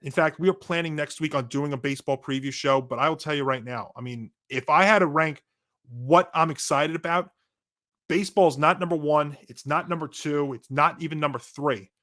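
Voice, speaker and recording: Co-hosting a sports podcast, a man rants in a casual, animated way with frequent restarts while he's losing his voice, which turns hoarse. He speaks at a fairly high pitch and moderate pace.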